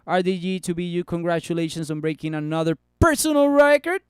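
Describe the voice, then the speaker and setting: A man hosting a casual stock market livestream, reading chat comments in an excitable, joking way and dropping Spanish words into his English. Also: fairly high pitch, fast, clear, resonant tone, dry recording, clean studio sound. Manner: excitable, joking, swings between loud and muttered.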